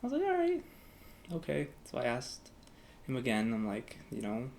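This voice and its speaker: A man's voice: mid-range voice, sing-song, a little fast, creaky, a little hiss or hum. A young man talking casually to camera as a vlogger, rambling with lots of "like" fillers and acting out both sides of past conversations. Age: young adult. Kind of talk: casual storytelling vlog.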